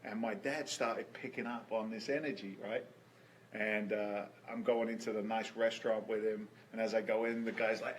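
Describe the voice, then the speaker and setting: A man's voice: on the low side, fairly even intonation, normal speed, a little hiss or hum, low-quality recording. A man from England, a guest telling stories in a casual interview, often repeating words as he restarts.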